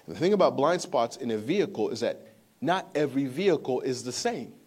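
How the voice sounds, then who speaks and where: A man's voice: mid-range voice, brisk, breathy edge. A man in his thirties preaching a sermon, telling a story with rising intensity and asking the congregation rhetorical questions. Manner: animated storytelling, rising to emphatic outbursts, rhetorical questions to the crowd. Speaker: pastor.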